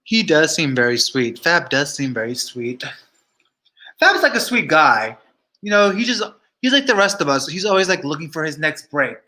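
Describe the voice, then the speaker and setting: A man's voice: a little high, big pitch swings, moderate pace, pushed and bright. A man giving casual, sassy gossip commentary to his viewers, chatty and talking straight to the live chat. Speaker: vlogger.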